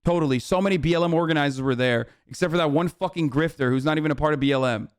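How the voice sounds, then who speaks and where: A man's voice: a little high, rapid-fire, smooth. A man streaming a reaction to a documentary, ranting in a heated, profane, sarcastic way. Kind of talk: casual reaction commentary.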